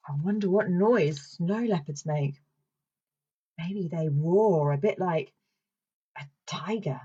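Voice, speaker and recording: A woman leads a children's song and story session, speaking slowly and in a playful sing-song way for toddlers. Her voice is a little breathy and swoops widely in pitch. The recording sounds slightly dull and lo-fi. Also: warm tone. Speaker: children's speech and language therapist.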